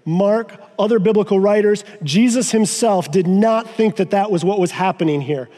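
A man preaching a sermon as pastor, emphatic and slowing down to stress key phrases. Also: sits high, dark tone, in a large hall. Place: church sanctuary.

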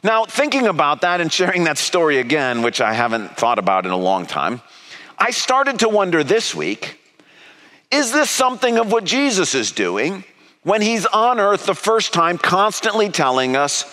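Male preacher, conversational and earnest, bright tone, reverberant church hall. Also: a little high, very animated, moderate pace. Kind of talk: sermon with personal story.

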